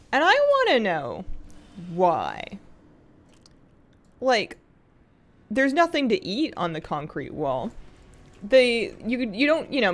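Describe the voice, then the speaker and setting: A woman streaming a game live, chatting casually with her viewers in a self-mocking, grumpy, joking way and laughing often. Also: medium pitch. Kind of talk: casual live-stream chat while gaming.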